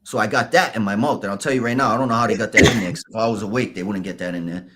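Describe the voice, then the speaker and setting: A man, a podcast guest, telling his story candidly in a halting, casual way. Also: on the low side, background noise. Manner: candid, halting, restarts and fillers.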